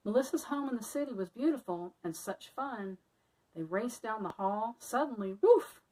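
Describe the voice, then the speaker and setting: A woman teacher reading a picture book aloud to children in a friendly, expressive way. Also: fairly high pitch, normal speed, recorded from a distance, poor audio.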